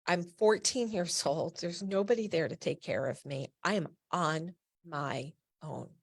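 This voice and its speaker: A middle-aged woman from New Jersey tells a personal story in a low, gravelly voice. She speaks candidly and with emphasis, dropping blunt asides as a patient advocate who has lived it. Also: measured pace.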